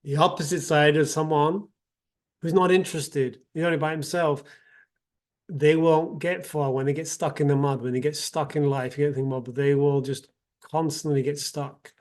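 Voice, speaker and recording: A man's voice: a little high, fairly even intonation, normal speed, darkish tone. A man giving an earnest motivational talk as a self-development practitioner, telling a parable with frequent restarts and repeated words.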